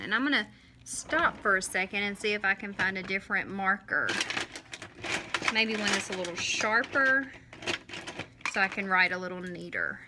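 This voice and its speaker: A woman teacher leads young children through a lesson in a slow, sing-song way, stretching out each syllable when she counts. Her voice is medium-pitched, and there is background noise.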